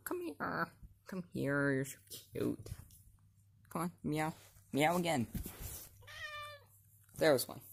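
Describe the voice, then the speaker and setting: A woman chatting playfully to her cats while filming them on a phone, teasing them with sudden high squeals. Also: takes it slowly, creaky, long pauses, breathy edge. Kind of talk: casual chat to pets. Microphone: handheld phone.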